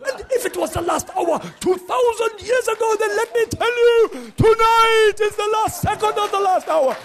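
A man voicing an exuberant older male evangelist who preaches in a loud, sing-song cadence. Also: extremely high pitch, moderate pace, pitched above the performer's own voice. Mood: fiery.

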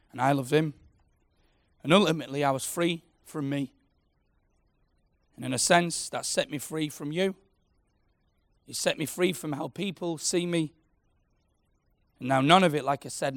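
A man preaching, passionate and personal, swinging from loud declarations to soft, intimate prayer. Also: a little high, gravelly, no room sound. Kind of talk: sermon.

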